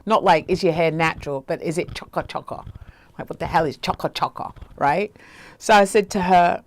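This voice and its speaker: Woman life coach telling her own story, lowish voice, keeps saying "right?". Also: lively intonation, normal speed. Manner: conversational, often asks "right?", acts out quoted voices. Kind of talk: personal storytelling monologue.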